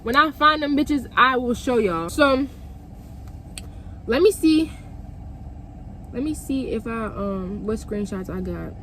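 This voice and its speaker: A woman's voice: on the high side, lively intonation, slow, long pauses, sharp tone, a little hiss or hum. A young woman telling a personal story to her viewers, profane and emphatic, talking straight to the camera audience. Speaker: vlogger. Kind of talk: storytime vlog.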